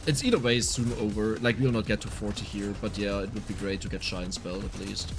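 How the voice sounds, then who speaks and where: A man with a German accent chatting casually on a gaming livestream, talkative and quick to get heated. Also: lowish voice, steady tone, music in the background. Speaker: streamer.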